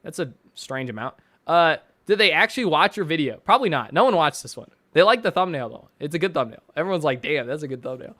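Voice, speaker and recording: Lively, bright-voiced ranting male streamer. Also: fairly high pitch, fast talker, hardly any pauses, no echo. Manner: profane, ranting, mocking; reads chat and posts aloud with sarcastic asides. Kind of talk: casual live-stream reaction commentary.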